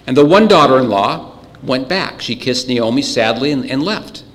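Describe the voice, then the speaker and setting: A man's voice: medium pitch, animated, moderate pace. Man preaching in an echoing hall. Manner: earnest, emphatic preaching with frequent throat clearing. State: voice getting choked up. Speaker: pastor. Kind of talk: sermon.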